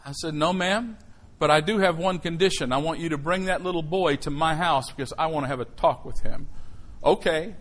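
Animated preacher man, fairly high voice. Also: brisk, hardly any pauses, poor audio. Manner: animated storytelling, swinging from hushed to shouting. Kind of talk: sermon with personal story.

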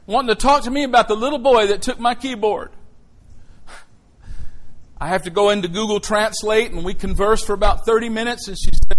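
A middle-aged man preaching a sermon, telling a personal story in an animated way that swings from hushed lines to shouts. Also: high-pitched, brisk, low-quality recording.

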